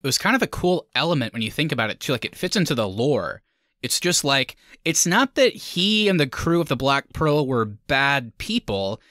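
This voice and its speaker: A man co-hosting a casual movie podcast, talking with animated enthusiasm and frequent laughter. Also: mid-range voice, moderate pace, no echo, studio quality. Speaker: podcast co-host.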